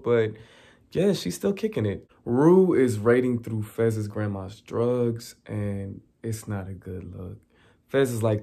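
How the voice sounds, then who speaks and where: Male vlogger, mid-pitch, gravelly edge, animated recap delivery with quick character asides. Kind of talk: casual TV recap.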